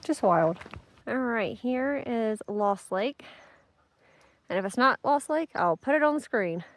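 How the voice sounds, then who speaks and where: A woman's voice: on the high side, lively intonation, unhurried, no echo. A young woman narrating her hiking vlog outdoors on a mountain trail, chatting upbeat to viewers and her dog. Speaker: vlogger.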